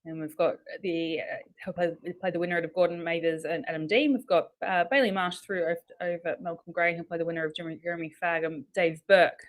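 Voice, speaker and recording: An Australian woman rattles through a live darts draw in a brisk, matter-of-fact way, laughing easily. Her voice sits a little low for a woman. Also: fairly even intonation. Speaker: darts co-commentator. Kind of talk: live results rundown.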